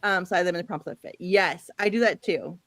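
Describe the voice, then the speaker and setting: A woman's voice: lowish voice, fairly quick, a bit bright, no echo. A woman from the Midwest hosting a casual book livestream, chatty and laughing often as she reads out viewer comments. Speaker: host.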